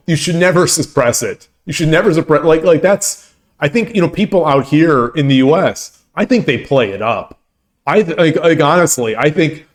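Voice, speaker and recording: Rambling, chatty man streaming. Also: fairly high pitch. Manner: rambling, full of restarts and laughter. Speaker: streamer and host. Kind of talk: casual chat with stream viewers.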